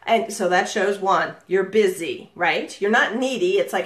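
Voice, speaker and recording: A middle-aged woman leads a live coaching session with plenty of vocal inflection and bright energy, breaking into easy laughter. Her voice sits at an ordinary pitch for a woman. The sound carries a roomy echo, as if picked up over a video call. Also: normal speed, few pauses. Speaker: real estate marketing coach.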